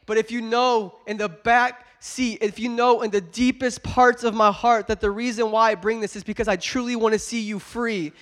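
A young pastor preaching a sermon to his congregation, a little stuffed up from a cold, building to emphatic, loud exhortation between warmer, quieter asides. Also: very high-pitched, little pitch movement, moderate pace, hardly any pauses. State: congested from a cold. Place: church service with a congregation.

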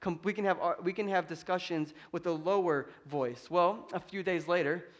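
A high-pitched man in his thirties delivers a sermon in a relaxed, conversational way. He mixes humor with his preaching. At key points he builds to loud, emphatic declarations. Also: normal speed. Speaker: pastor.

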